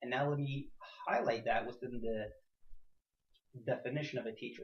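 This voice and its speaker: A man teaching a class, firing off rhetorical questions and swinging between quiet points and loud emphatic ones. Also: steady tone, normal speed, long pauses. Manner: rhetorical questions, sudden rises in pitch and loudness. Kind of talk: class discussion. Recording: echoey room, dull lo-fi sound.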